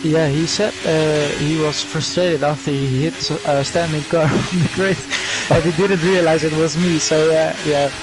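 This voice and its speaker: A man's voice: a little high, fairly even intonation, unhurried, few pauses, over music. A man who raced joins the commentary and casually recounts his race, laughing now and then. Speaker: sim-racing driver joining commentary. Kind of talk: casual chat. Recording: clearly audible background noise.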